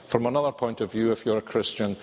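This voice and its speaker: An older man with a Scottish accent preaching a sermon in a measured, earnest way, drawing out key words. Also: medium pitch. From Scotland. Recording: reverberant hall.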